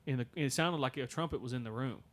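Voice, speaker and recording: A man hosting a podcast, telling a story in a casual, halting way with many fillers and restarts. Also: mid-range voice, fairly bright tone. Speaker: podcast host.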